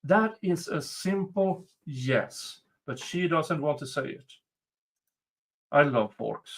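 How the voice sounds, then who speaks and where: A man's voice: on the high side, slow. A man with a Swedish accent hosting a live stream, commenting casually on a trial with sarcastic jokes and swearing. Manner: joking, sarcastic, swears freely. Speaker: livestream host commenting on a trial.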